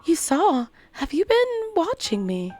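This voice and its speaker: A woman's voice: extremely high pitch, huge pitch swings, takes it slowly, a little mellow, soft background music, heavily acted. A woman voicing a polite, bewildered young girl named Alice in a game, speaking in a prim, apologetic way. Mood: confused.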